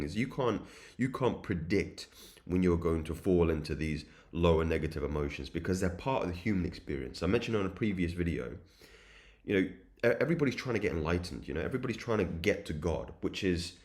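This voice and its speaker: A young man with a very low, deep voice delivers an earnest spiritual pep talk to his viewers. He builds his points in repeated, rhythmic lists, and his tone is preachy and insistent. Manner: earnest, repetitive, preachy cadence. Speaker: self-improvement channel host. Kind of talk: spiritual motivational monologue.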